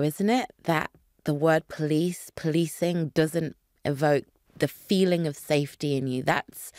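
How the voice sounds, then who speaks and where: A woman's voice: lowish voice, dry recording, studio quality. A woman with a British accent who grew up in the UK, talking earnestly and reflectively as a guest on a podcast interview. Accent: British English. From Nigeria, grew up in the UK. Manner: earnest, reflective, animated when indignant. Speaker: actor guest.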